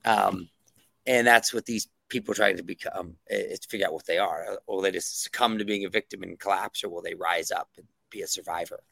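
Male guest, low gravelly voice, dry close sound, eager and rambling, lots of ums. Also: steady tone, fairly quick, fairly bright tone, no echo. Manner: enthusiastic, rambling with many fillers. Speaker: guest comic book writer. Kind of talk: casual interview talk.

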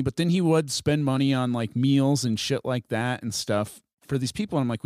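A comedian telling a profane, animated story in a casual podcast chat. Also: male voice, medium pitch, normal speed, no room sound, studio quality.

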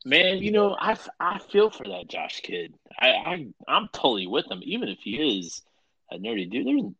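A man's voice: fairly high pitch, huge pitch swings, moderate pace, vocal fry, bright, forceful tone, breathy edge, no echo, lo-fi sound. A man co-hosting a podcast, chiming in and reacting to his partner's story. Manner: reactive, chiming in with short replies. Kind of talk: casual chat.

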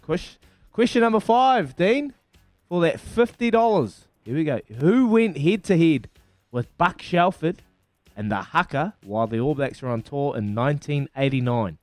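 Upbeat New Zealand radio host, dry studio. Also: male voice, fairly high pitch, lively intonation, dry recording, soft background music. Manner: brisk and matey, counting down loudly. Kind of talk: upbeat radio quiz hosting. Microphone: studio microphone.

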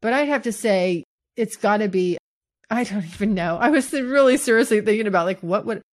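A woman hosting her own podcast, talking straight to listeners about her dating life. She is blunt and swears freely, and her delivery is animated and conversational. Her voice sits at an ordinary middle pitch. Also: fairly quick. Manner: frank, profane, animated storytelling. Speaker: podcast host. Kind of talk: candid solo podcast storytelling.

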